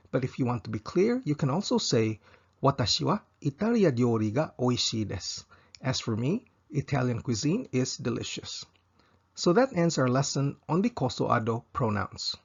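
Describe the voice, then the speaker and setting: Male language tutor: husky, gravelly, patient, repeats each phrase twice, dull lo-fi recording. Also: medium pitch. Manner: slow, careful, repeats each example twice for practice. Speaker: Japanese language teacher.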